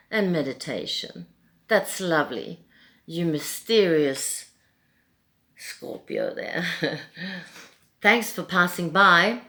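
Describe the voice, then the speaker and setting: A woman with a Swedish accent gives a casual tarot reading in a soft-spoken, gentle way, chuckling between remarks. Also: on the low side. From Sweden. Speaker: tarot reader.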